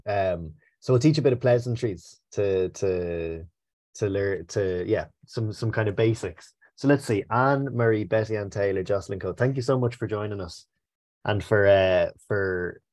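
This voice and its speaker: A man's voice: fairly low pitch, normal speed, a little mellow. An upbeat, chatty Irish man teaching a language lesson over a video call.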